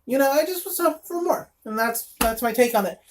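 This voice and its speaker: A woman's voice: on the high side, animated, brisk. A woman reviewing a comic in casual chat, blunt and sarcastic, with lots of fillers and asides.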